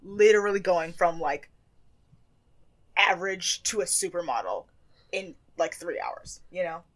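A young woman co-hosting a casual chat recap, animated and quick to laugh. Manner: animated, laughs often, breaks into a high squeal. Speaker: podcast co-host.

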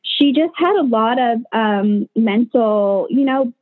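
A woman's voice: on the high side, takes it slowly, no room sound. Chatty midwife woman on a tinny line. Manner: animated, acts out quoted voices, many fillers. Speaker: home birth midwife, guest. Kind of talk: casual interview storytelling. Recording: dry, tinny phone-like sound.

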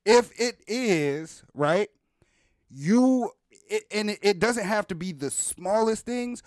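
A man's voice: high voice, expressive, slow pace, no room sound, studio quality. A man in casual podcast banter who makes his point carefully, often restarting his sentences. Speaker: podcast co-host.

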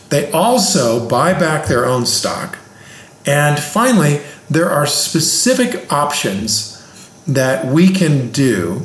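A man's voice: mid-range voice, slight background noise. Man explaining investing in an echoey room. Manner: plain-spoken, teacher-like, explains with examples. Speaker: investing expert. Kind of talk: casual explanatory conversation. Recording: roomy echo.

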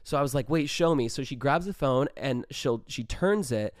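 A young man hosting his own show, telling a profane, animated party story and acting out every quote in his own voice. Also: medium pitch, normal speed, no room sound, clean studio sound. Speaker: podcast host. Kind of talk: casual storytelling.

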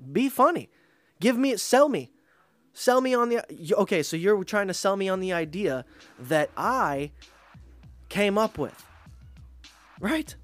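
A man hosting a podcast, ranting in a casual, profane, animated way and mocking others with put-on voices. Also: sits high. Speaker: podcast host. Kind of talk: casual rant.

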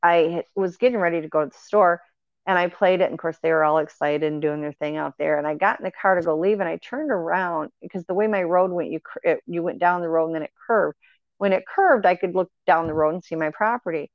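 A woman's voice: fairly low pitch, fast talker, dry recording. A woman telling her paranormal experiences in an earnest, rambling way, with fillers and restarts. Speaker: guest sharing paranormal experiences. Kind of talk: casual conversational storytelling. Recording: dry, dull lo-fi audio.

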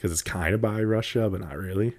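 A man's voice: fairly low pitch, brisk. A young man in casual chat, telling stories animatedly and laughing often. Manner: laughs often, animated storytelling with loud bursts.

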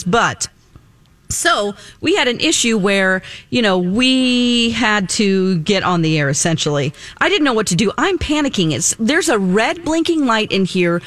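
A woman co-hosting a morning radio show, telling an animated story and laughing as she talks. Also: mid-range voice, no room sound. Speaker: radio co-host. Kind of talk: casual radio banter, ranting story.

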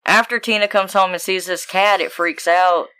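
Woman co-host, bright crisp voice, profane animated storyteller, casual chat. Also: fairly low pitch, normal speed. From United States. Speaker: podcast co-host.

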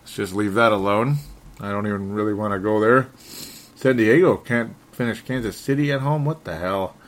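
A man with a lowish voice talks at a normal speed as he hosts a solo sports podcast. He sounds frustrated and rambles, often stumbling, restarting and correcting himself.

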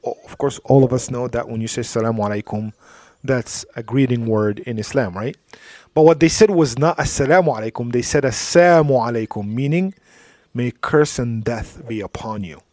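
Man, mid-pitched, giving a storytelling religious talk, dry close sound, drops into quiet asides. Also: moderate pace, dry recording. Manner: storytelling, drops to soft asides, frequent "you know". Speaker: Islamic speaker.

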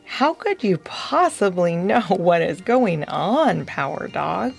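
A woman voicing an excitable, stretchy-armed male bunny sidekick who hollers and exclaims. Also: on the low side, slow, gravelly, husky, faint music behind, heavily acted. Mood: incredulous.

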